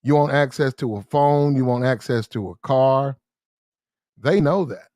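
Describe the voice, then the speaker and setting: Medium in pitch, this man's voice comes through clean, studio-recorded, with no room sound. He rambles and repeats himself in slangy street talk during a casual monologue, jumping fast into heated, shouted arguments he acts out.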